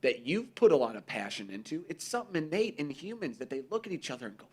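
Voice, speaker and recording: A man's voice: fairly high pitch, big pitch swings, fast talker, hardly any pauses, slightly rough. A man co-hosting a casual talk show, swearing freely and telling stories, acting out the voices of people he quotes. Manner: profane, storytelling, acts out quoted voices. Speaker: podcast co-host. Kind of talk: casual chat.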